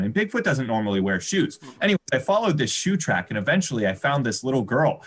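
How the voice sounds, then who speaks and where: Animated man telling an improvised story. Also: fairly high pitch. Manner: rambling, animated, laughs at his own jokes. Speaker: improv comedy streamer. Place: home, on a live stream.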